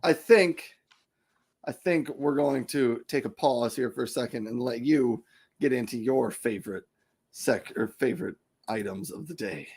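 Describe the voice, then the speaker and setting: A man's voice: mid-range voice, a little slow, darkish tone, breathy edge. A man co-hosting a live shopping stream, chatting breezily and handing over to his partner. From United States. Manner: breezy, exhaling "whew". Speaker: livestream co-host. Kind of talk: casual chat.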